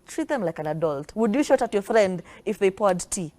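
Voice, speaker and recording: A woman's voice: mid-range voice, animated, a little fast, darkish tone. A Kenyan woman co-hosting a talk show, telling a story emphatically in casual discussion.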